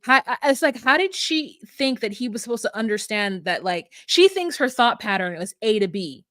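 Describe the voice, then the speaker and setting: A woman's voice: a little high, lively intonation, normal speed, a bit bright, no room sound, clean studio sound. A woman co-hosting a casual reality-show recap podcast, chatty and fond of dramatic emphasis. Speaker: podcast co-host.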